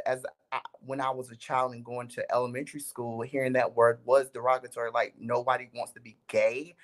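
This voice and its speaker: Reflective interview guest, mid pitch. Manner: reflective, many "um"s. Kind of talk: casual interview talk.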